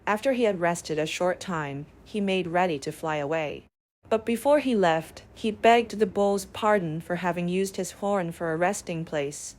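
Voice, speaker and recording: Woman, bedtime story narrator, calm, measured, lowish voice, fable reading.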